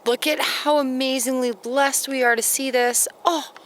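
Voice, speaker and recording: A tarot channel host films herself outdoors at night, gushing in awe and sometimes dropping to a whisper. Her voice is high-pitched and a bit bright, with a steady tone and normal speed. A little hiss or hum sits under the recording.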